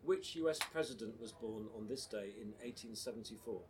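A man's voice: fairly low pitch, a little fast, background noise. Dry-voiced male host. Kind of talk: presenting facts.

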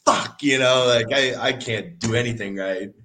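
A young man and football player chatting casually on a podcast, telling stories in a profane, animated way. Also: mid-range voice, normal speed, slight background noise.

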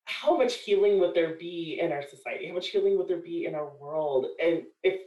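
A woman in her thirties talking in a dramatic, excitable way in casual chat. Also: on the low side, a little fast. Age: 30s. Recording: roomy sound from a distance.

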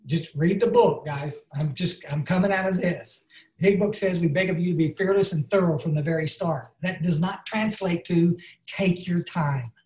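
A man's voice: sits high, moderate pace, a little mellow. Folksy earnest man, roomy echo. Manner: folksy, earnest, many "and, uh" fillers. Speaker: recovery speaker. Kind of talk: personal testimony talk. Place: online meeting.

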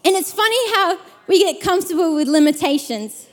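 Young woman preacher, high voice, chatty storytelling sermon in a big reverberant room. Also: fairly quick. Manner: lively storytelling with many fillers. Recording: long hall reverb.

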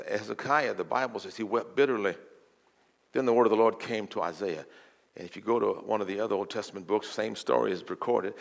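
An older man preaching a sermon as a guest, telling folksy stories and building from quiet talk to loud declarations. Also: brisk, creaky. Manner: folksy, swells from low murmur to loud preaching. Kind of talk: sermon with storytelling.

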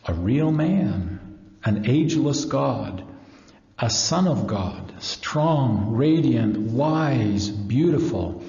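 A man's voice: fairly low pitch, lively intonation, slow, dark tone. A middle-aged man giving a live religious lecture, telling stories earnestly and reading passages aloud. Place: large lecture hall. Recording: echoey hall, dull lo-fi.

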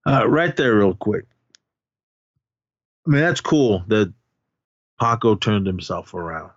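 A man's voice: fairly low pitch, big pitch swings, slow, no room sound. Man, podcast host, casual movie recap, rambling with fillers, dull dry recording. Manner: rambling, many restarts and fillers.

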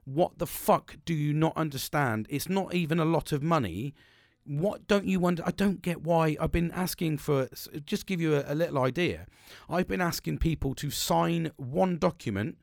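A man's voice: mid-range voice, no echo, studio quality. Sweary man venting. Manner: frank, sweary, rambling with restarts. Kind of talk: casual monologue.

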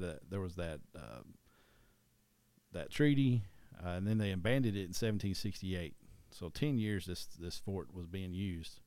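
Low-voiced man with an East Tennessee twang. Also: dark tone, clean tone, no echo. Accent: East Tennessee Southern. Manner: rambling, with frequent restarts and self-corrections. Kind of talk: casual history chat.

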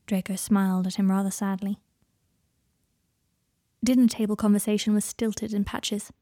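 Female storyteller, gentle delivery, warm tone, dry booth-like sound. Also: medium pitch, level tone, normal speed, dry recording. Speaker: fan fiction reader. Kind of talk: audiobook narration.

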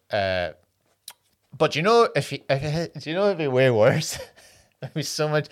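A man co-hosting a podcast, chatting casually about films and swearing often. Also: fairly low pitch. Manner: crude, swearing, storytelling. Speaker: podcast co-host. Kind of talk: casual film chat.

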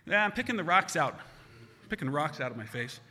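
A man's voice: fairly high pitch, big pitch swings, fast, sharp tone, a little hiss or hum, heavily acted. A man voicing a wisecracking male small-town doctor, cocky and joking.

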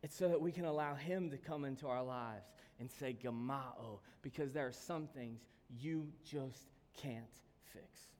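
A man preaching a sermon, telling stories and swinging from calm talk to sudden shouts. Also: medium pitch, a little slow, few pauses, slight background noise. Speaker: pastor. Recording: long hall reverb.

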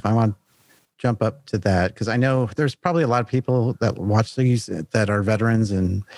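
Man, interview host, casual questions, lowish voice, dry close sound. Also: darkish tone, no room sound. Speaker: podcast host interviewing veterans.

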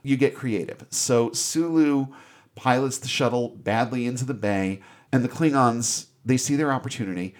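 A man giving a casual, animated movie recap as a podcast host, with free swearing. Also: medium pitch, moderate pace. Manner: animated storyteller, swears freely.

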